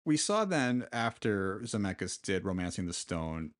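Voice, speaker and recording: A male podcast co-host with a somewhat low voice. He talks casually and loosely, wandering into asides and padding his sentences with fillers as he tells the story. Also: very animated, a little slow. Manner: rambling, storytelling with filler words.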